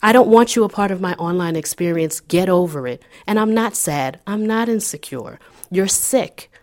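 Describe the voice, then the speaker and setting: A woman's voice: on the low side, animated, normal speed, a little mellow. A woman co-hosting a podcast in casual chat, blunt and profane, ranting with fire. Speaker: podcast co-host.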